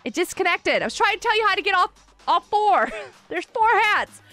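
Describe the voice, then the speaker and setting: A woman live-streaming a block-building game, excitedly chatting with viewers and cheering players on. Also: very high voice, moderate pace, no room sound. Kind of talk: live Minecraft stream chat.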